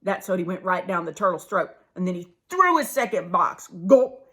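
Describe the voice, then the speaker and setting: A woman reading a children's picture book aloud, expressive, with hushed asides to her listeners. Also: on the low side, a little fast. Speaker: storybook reader.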